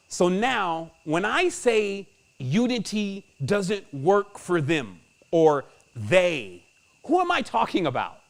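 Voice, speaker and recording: A man hosting a spiritual podcast, talking in a slangy, emphatic way and chuckling often. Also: high voice. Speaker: podcast host.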